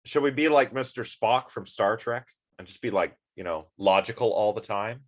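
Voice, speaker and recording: A man's voice: lowish voice, moderate pace. Sleepy, rambling male philosophy lecturer. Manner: rambling, many fillers, asides to students. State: sleepy, yawning. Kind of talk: casual recorded lecture.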